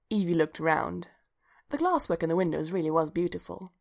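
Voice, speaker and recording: A woman reading fan fiction aloud, unhurried and even as she narrates. Her voice is on the low side and carries a noticeable gravelly fry. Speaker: reader.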